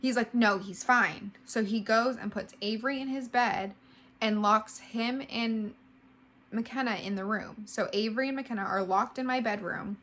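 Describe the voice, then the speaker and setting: A woman's voice: fairly high pitch, moderate pace, a bit bright. A woman in her twenties giving a casual storytime vlog, emotional and full of "like". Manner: heavy use of "like", emotional retelling. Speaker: vlogger.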